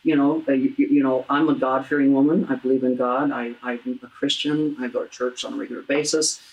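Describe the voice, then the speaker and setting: Deep-voiced woman hosting an earnest talk. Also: fairly even intonation, darkish tone, dull audio. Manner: earnest, halting, with many restarts. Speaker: talk show host. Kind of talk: heartfelt interview about grief.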